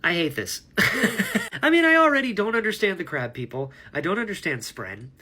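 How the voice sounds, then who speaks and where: A man's voice: high-pitched, big pitch swings, a little fast, bright, forceful tone. A man talking casually to camera about a book he is reading, rambling and enthusiastic, laughing at himself. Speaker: book vlogger. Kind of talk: casual book reaction vlog.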